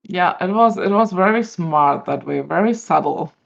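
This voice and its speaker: Woman panelist, low unhurried voice, hesitant and thoughtful, dull lo-fi stream audio. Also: lively intonation, gravelly. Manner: thoughtful, hesitant with many ums. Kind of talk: casual panel discussion.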